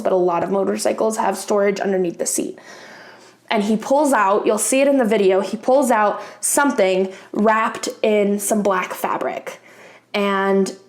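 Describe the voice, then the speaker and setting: A woman's voice: medium pitch, a little mellow, roomy sound. A young woman vlogger casually telling a personal story to camera, chatty, swearing freely, with lots of fillers. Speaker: craft vlogger.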